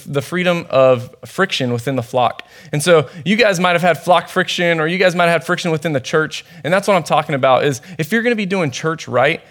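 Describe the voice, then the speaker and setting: Young male youth pastor, casual chatty sermon, slightly high voice, storytelling with fillers. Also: fairly bright tone. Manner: conversational, storytelling, many fillers. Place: church.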